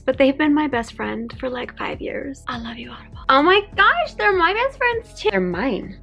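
A woman's voice: medium pitch, a bit bright. A woman in her thirties, a vlogger and mother, talking casually to camera in a sponsored video, emotional, gushing and playful.

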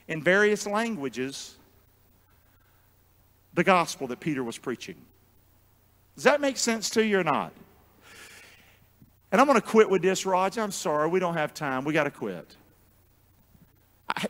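A man preaching a sermon as pastor, drawing the congregation into call-and-response and swinging from booming shouts to quiet asides. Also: big-room sound. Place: church sanctuary.

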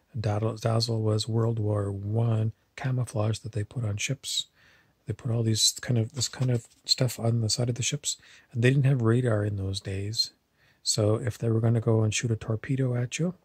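A man's voice: on the low side, dry recording. A man telling meandering, digressive stories in a casual monologue to camera. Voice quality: husky.

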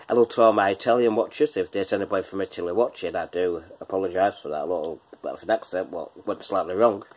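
A man's voice: low voice, fast, few pauses, a little mellow. A man hosting a casual quiz from his kitchen, chatty, laughing often and breaking into bits of song. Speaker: quiz host. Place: home kitchen.

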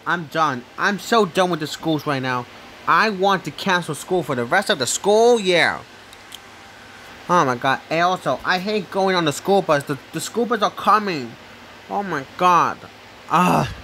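A man with a high, sharp voice rants angrily into the camera, going over the same complaints again and again. He talks slowly and breaks into yelling now and then, which gives it an unpolished vlog feel. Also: a little hiss or hum. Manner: angry, repetitive ranting with bursts of yelling. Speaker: vlogger. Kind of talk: angry vlog rant.

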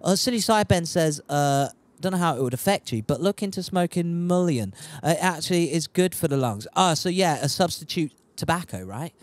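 Young guy streaming, reads chat out loud, swears a lot, voice sits a bit high. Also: animated, fairly quick, hardly any pauses. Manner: chatty and sweary, laughs at himself. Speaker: gaming streamer. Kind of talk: casual live-stream chat reading out viewer messages.

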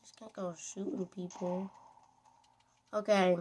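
Woman rambling thru gameplay, slow drawn-out talk, giggly, a bit of faint noise behind. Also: medium pitch, level tone, darkish tone. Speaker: gaming video creator. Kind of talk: casual gameplay commentary.

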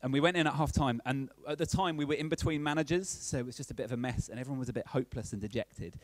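A man's voice: medium pitch, very fast, no room sound. A man giving a casual, conversational sermon as a preacher, often checking in with his listeners. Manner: chatty, checks in with "okay?" often.

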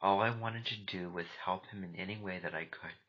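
A man narrating a storybook in a hushed, soft reading voice on a dull lo-fi recording. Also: sits low, fairly even intonation, a little fast. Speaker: audiobook narrator. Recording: dull lo-fi recording, faint noise.

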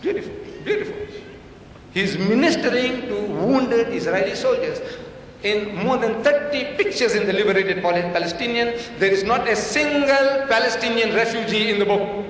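A man's voice: sits high, normal speed, fairly bright tone, far from the mic, slight background noise. An older man giving an emphatic public debate speech, quoting and mocking his opponent. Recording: echoey hall recorded from afar.

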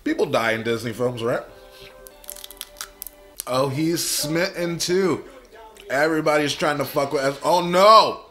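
Excitable, foul-mouthed man reacting to a movie. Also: fairly high pitch, measured pace, pauses often, soft background music. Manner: profane, excitable, blurts reactions. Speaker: reaction video host. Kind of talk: casual movie reaction commentary.

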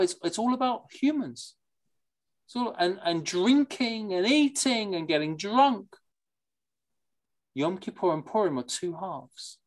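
A teacher leading a study class reads texts aloud and unpacks them in an informal, lively, digressive lecture. The middling-pitched voice keeps turning to listeners with questions and mixes in Yiddish and Hebrew terms.

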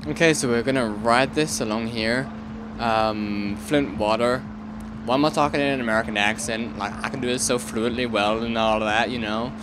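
A young man rambling through let's play commentary, breaking into sudden excited yelps and repeated pleas. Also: mid-range voice, normal speed, noisy background. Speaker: gaming channel host.

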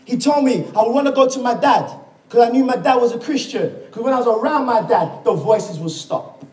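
Man, preacher, high voice, storytelling sermon, echoey hall, distant mic. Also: expressive, a little fast, darkish tone. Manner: storytelling, acting out quoted dialogue and calling for amens. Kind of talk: sermon with personal testimony. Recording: echoey room, mic far off.

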